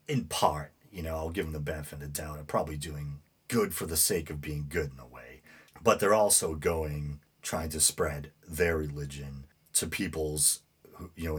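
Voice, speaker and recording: A man's voice: very deep voice, husky. A man hosting a podcast, talking through news stories in a rambling, opinionated monologue with many fillers. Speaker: podcast host. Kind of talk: casual monologue commentary.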